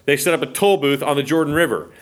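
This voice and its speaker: Teaching scripture verse by verse, this American man talks quickly in a voice on the high side. He's animated, dramatizes the quotes and keeps asking listeners "okay?"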